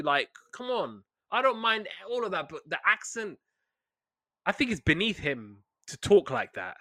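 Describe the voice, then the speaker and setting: A man co-hosting a casual chat, animated and playful, often slipping into quick voices. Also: high-pitched, no echo. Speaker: podcast co-host. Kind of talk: casual chat about wrestling.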